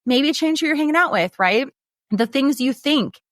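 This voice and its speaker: A woman's voice: high-pitched, lively intonation, normal speed, no echo, studio quality. A woman in her forties hosting a podcast, talking in a candid, casual motivational way, swearing freely and laughing often. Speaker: podcast host.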